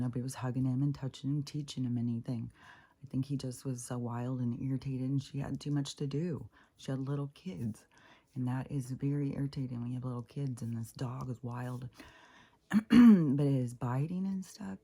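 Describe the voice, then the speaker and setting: A woman with a gravelly, husky voice rambles on in a casual solo vlog. Her tone sits dark and mellow, and she swears freely as she vents, now and then sinking into a whisper. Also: extremely low pitch. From Pacific Northwest of the US. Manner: profane, irritated venting, trailing into whispers. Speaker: spiritual vlogger.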